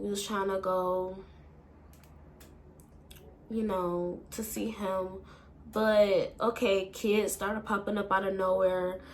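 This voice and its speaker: A young woman telling an emotional story in a halting way, full of fillers and swearing, and fighting back tears. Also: medium pitch, slight background noise. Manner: halting, with many fillers and profanity. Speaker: vlogger.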